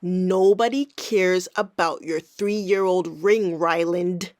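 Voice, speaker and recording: A woman's voice: fairly low pitch, steady tone, slow, darkish tone, no echo. A woman giving sarcastic, teasing reaction commentary over video clips, recorded on a close mic. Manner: snarky, teasing.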